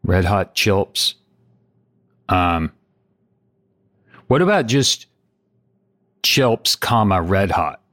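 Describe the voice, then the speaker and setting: A middle-aged man co-hosting a comedy podcast, playing along with jokes in a dry, deadpan way. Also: low voice, very slow, long pauses. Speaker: podcast co-host.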